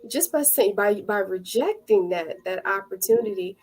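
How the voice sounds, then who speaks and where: A woman's voice: mid-range voice, expressive, normal speed, a little mellow, husky, faint music behind. A woman around forty, a podcast guest sharing her experiences in casual, earnest interview talk and acting out the voices in her stories. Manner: earnest storytelling, acts out quoted dialogue. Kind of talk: casual spiritual interview chat.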